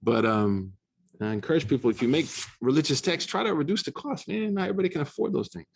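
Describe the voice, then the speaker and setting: An American man giving a casual classroom lecture on religious texts, animated and slangy, switching into quick recitation. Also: fairly high pitch, gravelly, husky. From United States. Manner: fast, slangy, animated storytelling with Arabic recitation. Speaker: Islamic studies teacher. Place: university classroom.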